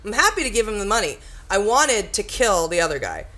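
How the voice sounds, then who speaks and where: A woman's voice: medium pitch, a little fast. A woman in casual chat, heatedly retelling a fight with lots of swearing. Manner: heated, profane, animated retelling. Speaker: storyteller in a group chat.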